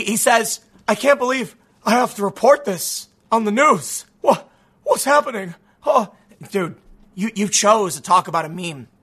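A man with a high, bright voice delivers sarcastic commentary. He is mocking and animated and laughs often. His voice is going hoarse. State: losing his voice. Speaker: political commentary host.

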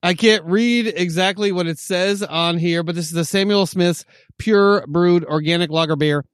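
Casting: male co-host, slightly high voice, dry close sound, loose rambling chat. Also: normal speed, smooth, no echo. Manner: rambling, filler-heavy, relaxed. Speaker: podcast co-host. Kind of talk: casual chat.

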